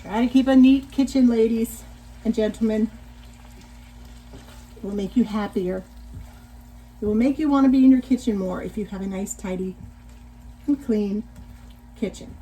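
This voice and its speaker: A woman in her sixties hosting a casual cooking demonstration in her home kitchen, chatting directly to viewers and giving gentle cautions. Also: a little high, normal speed, pauses often, slight background noise, poor audio. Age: 60s. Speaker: cooking show host.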